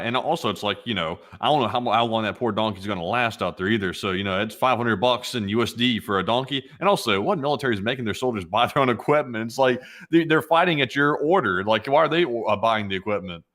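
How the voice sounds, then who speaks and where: A man's voice: lowish voice, lively intonation, quick pace, hardly any pauses, fairly bright tone. A man co-hosting a casual commentary show, chiming in with wry reactions. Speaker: co-host. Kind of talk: casual chat.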